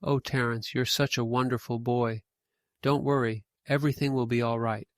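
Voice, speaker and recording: A soft, caring mother's voice, as a male narrator puts her on for a spooky storybook reading. She speaks tenderly and soothingly, in a lifted but middle-range tone, recorded close and dry with no room sound. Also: mid-range voice, level tone, moderate pace, dry recording, lightly acted. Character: gentle, worried middle-aged mother.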